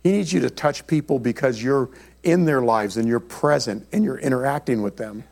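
An American man, a pastor, preaching a sermon in a church in an animated, conversational storytelling way. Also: mid-range voice, normal speed, vocal fry. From United States.

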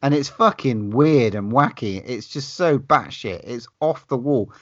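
Male co-host, mid-pitched, eager and sweary, on a dull lo-fi recording. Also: animated, measured pace. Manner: enthusiastic, sweary, laughs between phrases. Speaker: podcast co-host. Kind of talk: casual film chat.

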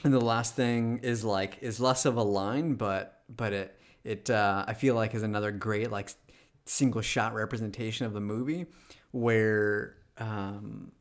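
A man hosting a podcast in casual chat, rambling and halting with fillers. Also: fairly low pitch, steady tone. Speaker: podcast host.

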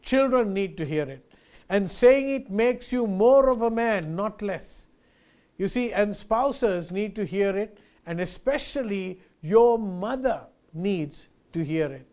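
Pastor guy preaching, high voice, keeps repeating his points, tells little stories. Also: expressive, slow, a little mellow. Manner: earnest, emphatic preaching with repeated key phrases; tells anecdotes, addresses listeners as friend. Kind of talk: sermon.

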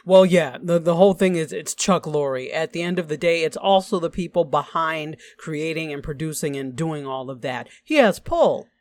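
A man from Nigeria with a Nigerian accent, co-hosting a casual TV review chat, emphatic and animated. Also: on the high side, normal speed, few pauses. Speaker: podcast co-host.

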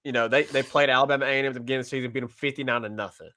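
A man's voice: mid-range voice, fairly even intonation, very fast, sharp tone. A man co-hosting a sports podcast, chatting casually and often laughing, with plenty of fillers.

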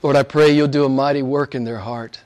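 A man preaching a sermon and praying to a live congregation, earnest, slowing down and stretching key words for emphasis. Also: mid-range voice, fairly even intonation, a little mellow.

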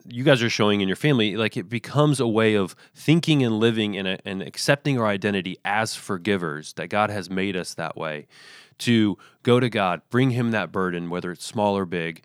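A man's voice: fairly low pitch, smooth, dry recording, clean studio sound. A man co-hosting a faith podcast who talks in a reflective, summarizing way and often hedges with "like". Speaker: podcast co-host. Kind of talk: casual faith discussion.

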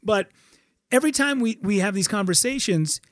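A man telling a long story in casual, animated fashion, swearing freely and acting out quoted lines. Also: high voice, moderate pace, no room sound, studio quality. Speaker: guest.

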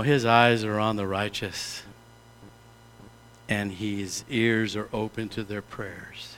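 Animated, bright-voiced male pastor preaching. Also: mid-range voice, slight background noise. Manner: animated, mock-pompous asides. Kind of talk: sermon.

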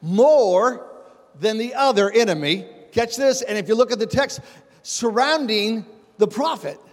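A man's voice: high-pitched, lively intonation, normal speed. A man preaching a sermon as pastor, talking conversationally, calling on the congregation and building repeated phrases with rising emphasis. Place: church sanctuary. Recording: long reverb of a large hall.

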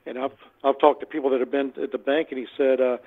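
A man's voice: mid-range voice, little pitch movement, fast talker. A man calling in to a radio show and telling rambling stories about scam calls, repeating his words and acting out both sides. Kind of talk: casual phone-in chat, storytelling. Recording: tinny phone line.

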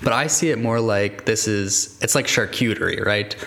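A man co-hosting a casual chat, relaxed and easygoing, leaning on "like" as he talks. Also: lowish voice, moderate pace, creaky. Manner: relaxed, heavy use of "like", easygoing laughs. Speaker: podcast co-host.

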